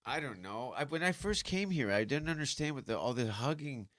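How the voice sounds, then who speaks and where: A middle-aged man from Canada, a comedian guest on a podcast, talking bluntly and crudely with halting fillers when he thinks. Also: mid-range voice, expressive, a bit bright, no echo, clean studio sound. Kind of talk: casual chat.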